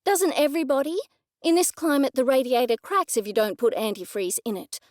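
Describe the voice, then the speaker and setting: A woman's voice: sits high, lively intonation, fairly quick, darkish tone, dry recording, studio quality. A woman narrator voicing an indignant middle-aged woman amateur sleuth who answers in a defensive, snappish way.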